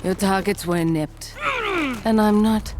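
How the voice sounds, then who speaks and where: A woman's voice: medium pitch, steady tone, slow pace, lightly acted. An actress with a Danish accent playing a self-assured woman bounty hunter, speaking in dry, clipped lines. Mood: cool. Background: loud game music.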